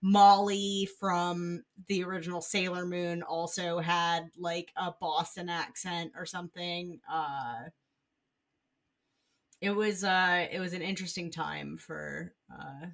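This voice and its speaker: A woman's voice: fairly low pitch, fairly even intonation, slow. A woman co-hosting a casual book club podcast, rambling with lots of fillers and restarts. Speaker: podcast co-host.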